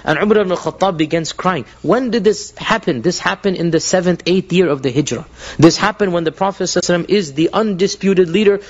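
A man's voice: sits high, highs cut off. A man giving a live religious lecture to an audience, telling stories earnestly, often restarting his sentences and mixing in Arabic phrases.

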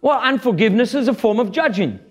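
A man preaching a sermon in an animated, blunt and joking way, quoting scripture and retelling a fable. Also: very high-pitched, quick pace.

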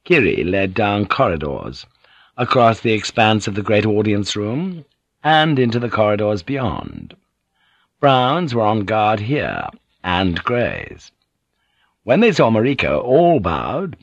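A man narrating an audiobook in a measured, even storytelling manner. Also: fairly low pitch, vocal fry, dry recording, dull audio. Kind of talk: scripted narration.

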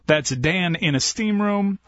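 A man working as a radio producer, introducing segments and trading quick wry remarks. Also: high-pitched, animated, no echo. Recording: muffled lo-fi radio audio with faint music.

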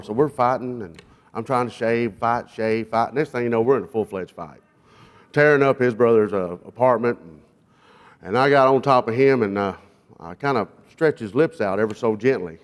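A man from South Arkansas, visiting a church as a guest jail minister, gives a sermon testimony full of humorous stories. His mid-range voice carries a folksy, self-deprecating style, with frequent fillers.

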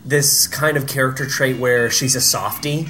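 A man co-hosting a casual podcast chat, animated and joking, quick to laugh. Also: medium pitch, soft background music. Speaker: podcast co-host.

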